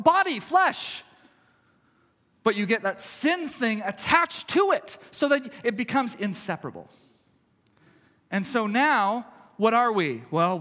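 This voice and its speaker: A male pastor preaching a sermon in a conversational way, swinging from loud emphasis to hushed, quiet passages. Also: high-pitched, big-room sound.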